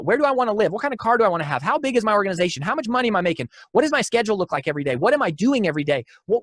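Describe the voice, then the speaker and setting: A man's voice: high voice, a bit bright, dry recording, clean studio sound. A man giving a motivational keynote talk, telling stories with energy, repeating his key lines and often restarting phrases.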